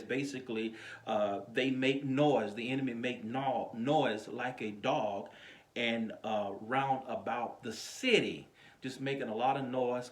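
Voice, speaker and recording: Guy pastor doing a chatty phone sermon, laughs a bit, middle pitch, echoey room. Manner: chatty, chuckling, animated preaching. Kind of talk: informal online sermon.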